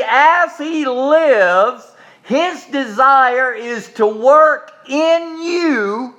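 A middle-aged man preaches a sermon in a high, ringing voice. He talks in a homespun, conversational way, circling back on his phrases and easing into folksy stories. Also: sharp tone. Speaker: minister.

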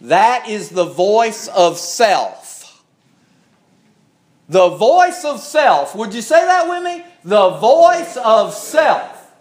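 High, slow, emphatic preacher man. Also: sing-song. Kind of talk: sermon.

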